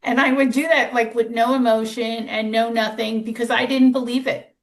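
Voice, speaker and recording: A woman podcast host with a fairly high voice, chatting in a candid, conversational way. She shares her own experiences openly and pokes a little fun at herself. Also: level tone, normal speed. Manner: chatty, candid, self-deprecating. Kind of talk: podcast interview.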